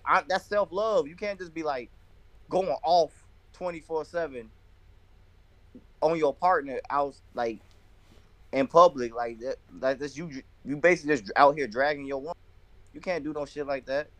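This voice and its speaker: A young man chatting casually with friends, animated and swearing, with lots of filler words. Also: a little high, no echo. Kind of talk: casual chat among friends.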